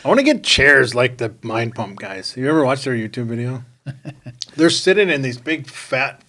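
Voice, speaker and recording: Excitable joking man co-host. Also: medium pitch, moderate pace. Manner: excitable, jokey, stumbles and restarts. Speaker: podcast co-host. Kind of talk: casual chat.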